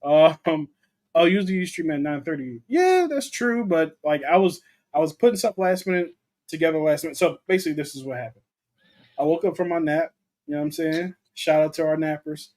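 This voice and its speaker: This young male co-host of a movie talk livestream chats loosely and reads viewers' comments aloud. He talks fairly quickly in an animated, fairly high voice with a darkish tone.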